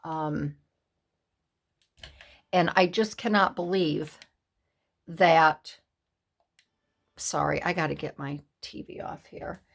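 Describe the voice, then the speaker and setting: A woman in her sixties chatting to camera as a craft vlogger, halting and upset, with many pauses and restarts. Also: sits low, fairly even intonation, vocal fry. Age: 60s. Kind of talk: casual chat to camera.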